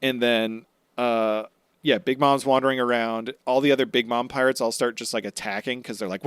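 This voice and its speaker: A man co-hosts a casual podcast, retelling the story in a relaxed, meandering way with plenty of filler words. His voice sits at an ordinary middle pitch. The sound is dry and close, with no room echo. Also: a little fast, clear, resonant tone. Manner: laid-back, rambling retelling with filler words. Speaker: podcast co-host. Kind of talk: casual chat recapping anime episodes.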